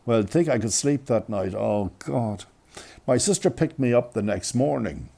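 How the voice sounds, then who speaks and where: A man telling a comic tale with self-mocking energy. His voice is warm and gravelly, and his pitch swings widely. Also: expressive, normal speed. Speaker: storyteller. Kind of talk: comic storytelling.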